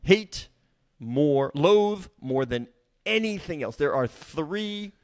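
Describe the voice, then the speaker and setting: Animated man co-hosting a sports podcast. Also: fairly high pitch, slow, clean tone. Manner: animated, emphatic, repeats words for stress. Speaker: podcast co-host. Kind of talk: casual sports business chat.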